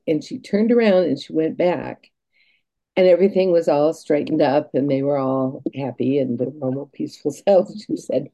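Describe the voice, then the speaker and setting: Low, gravelly woman telling stories. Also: steady tone, warm tone, low-quality recording. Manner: earnest, halting, with laughs and restarts. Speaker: guest. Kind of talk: reflective storytelling.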